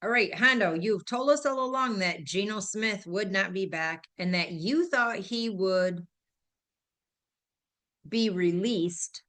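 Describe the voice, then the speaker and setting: Brisk woman reading viewer questions. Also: medium pitch, a bit bright. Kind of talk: casual live-show chat.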